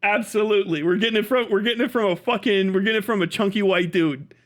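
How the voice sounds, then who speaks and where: High-voiced, profane livestream host. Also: male voice, fast. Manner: profane, laughs often, mocking. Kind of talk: casual livestream reaction commentary.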